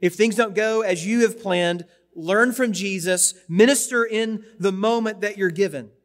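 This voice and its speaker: A man preaches with a high-pitched voice, talking like he is chatting with his congregation, repeating words as he goes. A long reverb trails each phrase, like a large sanctuary. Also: measured pace. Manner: conversational, with repetitions and asides to the congregation. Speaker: pastor. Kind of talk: sermon.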